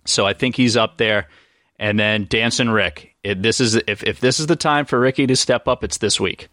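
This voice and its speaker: Man, podcast co-host, casual golf chat, joking, bright tone, dry sound. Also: lowish voice, normal speed, dry recording. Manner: relaxed, joking, rambling picks.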